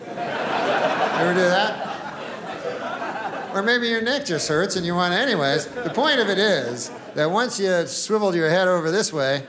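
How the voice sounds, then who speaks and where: A man's voice: sits high, animated, moderate pace, long pauses, crowd noise. A man doing a stand-up comedy routine on a stage mic, rambling and offhand, swearing casually and chuckling as he goes.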